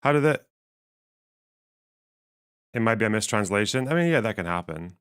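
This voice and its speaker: Man, strained voice missing its low end, smooth clean tone, casual live-stream commentary, profane, laughing. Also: animated, moderate pace, fairly bright tone. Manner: swearing, laughing, thinking aloud. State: voice strained, lower range missing. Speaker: streamer reading chat.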